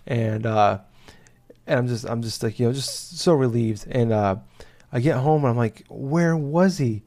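A young man chatting casually on a podcast, telling a story in a halting, rambling way full of restarts and fillers. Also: mid-range voice, darkish tone.

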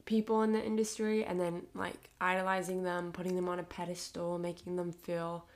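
A woman's voice: lowish voice, flat delivery, a little fast. A woman in her twenties hosting an interview, enthusiastic and gushing, peppered with "like" and "oh my gosh". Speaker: interviewer, host. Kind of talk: casual interview chat.

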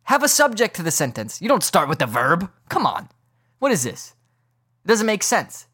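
A man's voice: high voice, wildly swooping pitch, moderate pace, bright, forceful tone, husky. A man hosting a casual sports podcast, ranting in a rambling, incredulous way. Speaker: podcast host.

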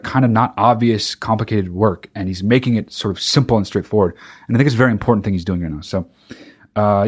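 A man with a somewhat low voice hosts his own podcast, talking alone in a loose, casual monologue. He rants emphatically and swears freely. He often stumbles and restarts mid-sentence. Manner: animated, profane ranting with frequent restarts. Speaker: podcast host.

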